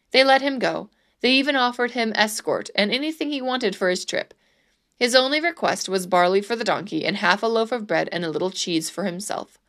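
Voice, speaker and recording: Woman reading a storybook, mid-pitched. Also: animated, brisk, a bit bright. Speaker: narrator. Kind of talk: storybook narration.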